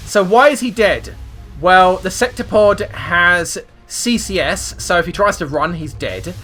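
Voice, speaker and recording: A man hosting a gaming video, swinging between loud swearing outbursts and rambling explanations as he plays. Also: sits high, expressive, a little slow, husky, soft background music. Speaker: gaming channel host. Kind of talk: excitable gameplay commentary.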